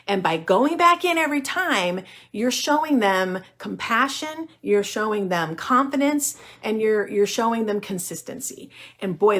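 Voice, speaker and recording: A woman's voice: medium pitch, fairly bright tone. A middle-aged woman pediatrician gives candid, reassuring parenting advice in a chatty way, with many ums and restarts. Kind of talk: informal parenting talk.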